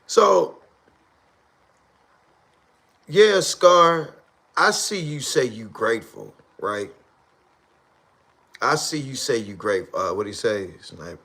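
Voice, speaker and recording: Animated man on a casual livestream. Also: mid-range voice, measured pace, creaky. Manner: animated, repeats lines for emphasis. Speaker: live streamer. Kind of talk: casual live-stream commentary.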